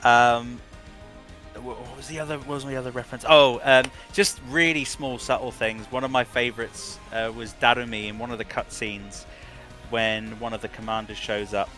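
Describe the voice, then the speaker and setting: Man, voice director, interview answers, bright forceful tone, rambling, restarts a lot. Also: mid-range voice, steady tone, moderate pace, soft background music.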